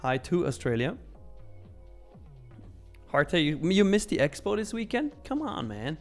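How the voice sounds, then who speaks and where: A young man hosts a live trading stream, reading viewer comments in a casual, upbeat way, laughing often and using slang. His voice is high with big pitch swings, he speaks at a measured pace, and soft music plays in the background.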